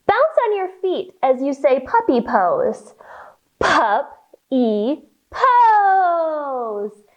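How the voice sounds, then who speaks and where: Woman leading a children's yoga storytime; high, bouncy voice, unhurried and playful. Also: sing-song, darkish tone, muffled recording. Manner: slow, playful sing-song instructions to children. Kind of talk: guiding a kids' yoga storytime.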